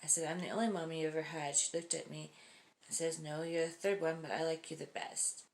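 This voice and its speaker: Low creaky-voiced woman reading creepy stories out loud, laughs a lot, mutters little whispered asides. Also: flat delivery, brisk. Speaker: host.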